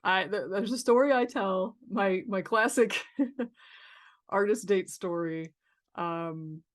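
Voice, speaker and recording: Speaking slowly in a mid-range voice, this San Diego woman is a therapist guesting on a podcast. She reflects casually on creativity, often restarting and leaning on fillers.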